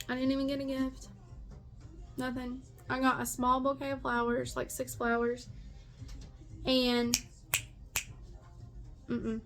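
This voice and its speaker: A woman's voice: on the high side, a bit bright. Fed-up woman ranting bluntly. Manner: exasperated, blunt, swears freely, repeats herself for emphasis. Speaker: stepmother vlogger. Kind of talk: venting rant to camera.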